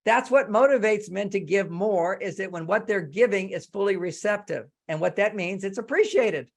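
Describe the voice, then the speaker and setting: An older man giving relationship advice on a video call, lively and animated, acting out quoted lines in a higher voice. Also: moderate pace, gravelly. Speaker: relationship author giving a talk.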